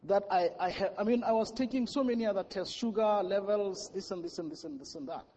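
A man's voice: high voice, a little fast, warm tone, in a large hall. A man speaking as a media panelist at a conference, telling a personal story in an earnest, emphatic way. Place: large conference hall.

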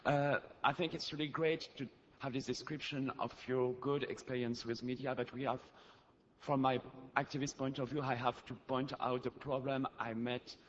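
A man with a French accent, an activist asking a question at an audience microphone during a conference, in an earnest, halting way that grows insistent. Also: mid-range voice, steady tone, muffled recording. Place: large conference hall. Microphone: audience floor microphone.

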